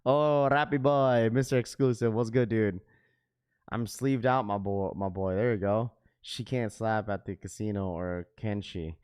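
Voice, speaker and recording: A man's voice: lowish voice, steady tone, measured pace, darkish tone, clean tone. A man hosting a sneaker livestream, talking casually to chat in heavy slang. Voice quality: slangy, says "bro" often.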